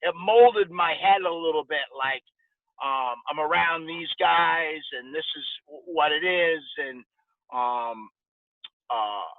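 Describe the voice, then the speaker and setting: A man in his forties, a podcast guest, casually telling lively stories and acting out the dialogue. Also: a little high, slow, dry recording. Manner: animated anecdote-telling with quoted dialogue. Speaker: podcast guest, former boxer. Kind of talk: casual storytelling interview. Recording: dry, tinny phone-like sound.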